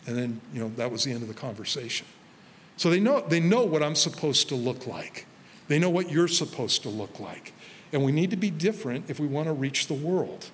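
A man, a pastor, preaching a sermon to a congregation in a relaxed, conversational way, telling stories from his own life and quoting himself. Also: on the high side, moderate pace, big-room sound, a little hiss or hum. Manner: conversational, storytelling with self-quoted asides. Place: church sanctuary before a congregation.

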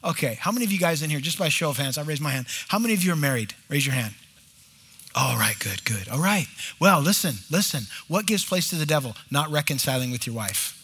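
A man's voice: fairly high pitch, animated, fast, fairly bright tone, slightly rough. A middle-aged male pastor preaching a sermon in a church, acting out short bits of dialogue as he goes.

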